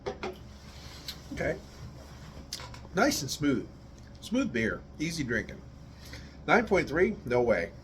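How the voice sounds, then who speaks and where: A man's voice: a little high, huge pitch swings, slow, pauses often, a little hiss or hum. A man from the United States giving a casual, rambling beer tasting review, searching for words and swearing now and then.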